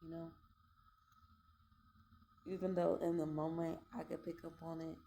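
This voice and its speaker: A woman talking frankly and reflectively to camera about her life, pausing with fillers as she works through her thoughts. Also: low-pitched, level tone, creaky, dark tone, a little hiss or hum. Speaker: vlogger. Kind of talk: candid personal monologue.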